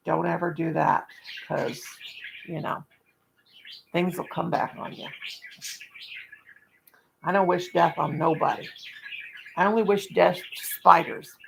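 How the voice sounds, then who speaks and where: A woman hosts a live stream from her country home through a webcam, her voice heavy with gravel and fry. She talks in a rambling, folksy way, tossing in jokes as she goes. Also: on the low side, slight background noise. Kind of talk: casual live-stream chat.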